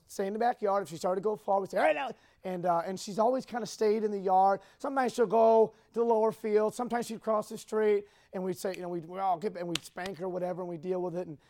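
A man speaking to a group, telling a personal story in a rambling, halting, emotional way. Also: high-pitched, darkish tone.

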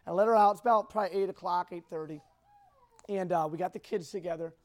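A man speaking to a group, telling a personal story in a rambling, halting, emotional way. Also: high voice.

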